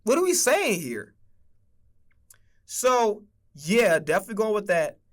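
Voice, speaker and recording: Young male streamer, high-pitched and emphatic, profane casual football rant. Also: very animated, measured pace.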